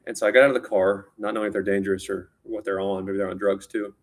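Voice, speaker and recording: A man with a low, gravelly voice and a husky, rough edge tells a personal story casually. He rambles, restarts his sentences and repeats words as he goes. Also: flat delivery, fast talker.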